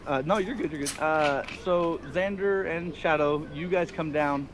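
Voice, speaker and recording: A man's voice: on the high side, unhurried, noisy background. A man narrating as game master of a tabletop game, loose and chuckling, full of fillers.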